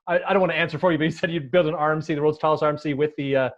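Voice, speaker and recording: A man's voice: a little high, steady tone, very fast. An American man hosting a podcast in casual chat, joking, laughing often and restarting his sentences. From United States. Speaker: podcast host. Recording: dull lo-fi sound.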